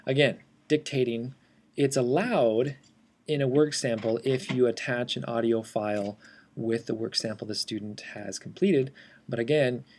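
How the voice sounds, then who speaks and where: Man, instructor, screencast walkthrough, steady teacherly explaining, mid-pitched voice. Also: unhurried. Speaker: assistive technology instructor.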